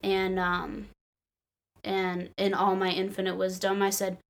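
A woman from Illinois chatting casually, an excitable storyteller who acts out quotes and laughs often. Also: mid-range voice, measured pace, vocal fry. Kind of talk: casual chat.

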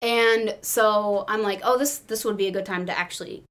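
A woman from Illinois chatting casually, an excitable storyteller who acts out quotes and laughs often. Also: mid-range voice, moderate pace. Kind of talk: casual chat.

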